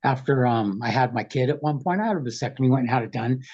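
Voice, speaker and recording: A man guesting on a video call, telling his experiences frankly and at length, with rough, profane, animated storytelling. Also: medium pitch, fast, highs cut off. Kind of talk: casual storytelling interview.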